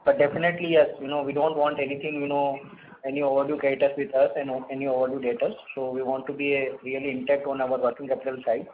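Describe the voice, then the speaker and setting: A man's voice: mid-range voice, level tone. A man with an Indian English accent, explaining as a company executive, with many filler phrases. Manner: rapid, many "you know" fillers. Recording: tinny phone line with faint noise.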